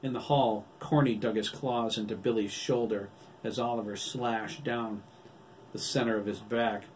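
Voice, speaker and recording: Author narrating his novel, low male voice, steady reading, slightly distant mic. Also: moderate pace, a little hiss or hum. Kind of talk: audiobook narration.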